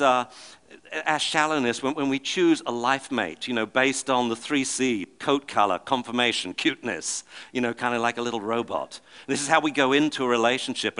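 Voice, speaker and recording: A middle-aged man giving a talk to an audience, telling lively stories and acting out the voices in them. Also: mid-range voice. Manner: animated, acts out the voices of the people and dogs in his stories. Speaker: speaker giving a public talk.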